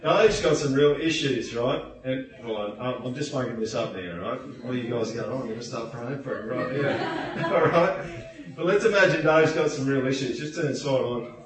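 Man, preacher, sermon, animated, playful, echoey church hall, distant mic. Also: medium pitch, normal speed. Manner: animated, playful, acts out quotes with voices.

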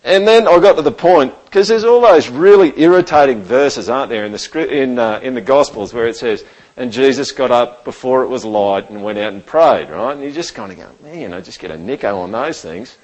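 A man's voice: medium pitch, fairly quick, darkish tone, poor audio. A man preaching a sermon in a church, talking conversationally and often checking in with the room. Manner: conversational, keeps asking the room "right?". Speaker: pastor.

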